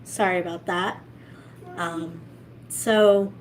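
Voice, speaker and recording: A woman's voice: medium pitch, steady tone, unhurried, a little hiss or hum, low-quality recording. A woman co-hosting a podcast, reading a story aloud casually and steadily, now and then correcting herself.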